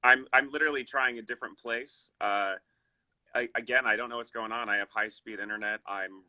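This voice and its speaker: A man's voice: mid-range voice, steady tone, brisk, bright, forceful tone, no room sound, low-quality recording. A man being interviewed over a video call, telling anecdotes in an easygoing way. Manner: easygoing, apologetic, tells anecdotes. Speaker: actor, guest. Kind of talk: interview storytelling.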